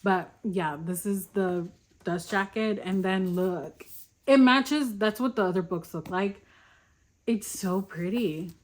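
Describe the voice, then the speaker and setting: A woman's voice: mid-range voice, slow pace. A young woman chatting casually in a reading vlog, gushing and easily delighted. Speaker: book vlogger.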